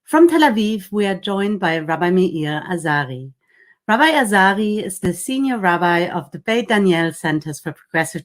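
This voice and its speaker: A woman chairs an online session and introduces the speakers one by one in a measured, formal reading style. Her voice sits a little low for a woman.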